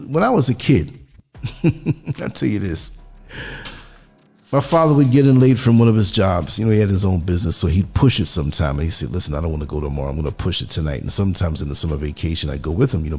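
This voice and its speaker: A man's voice: medium pitch, vocal fry, mellow. A man from the United States giving a reflective podcast monologue, earnest and musing, putting questions to the listener.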